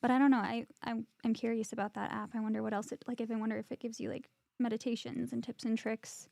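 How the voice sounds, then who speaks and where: A woman co-hosting a casual podcast chat, chatty and quick to laugh, reading viewer comments aloud. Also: fairly high pitch, flat delivery, creaky, warm tone, dry recording. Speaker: podcast co-host.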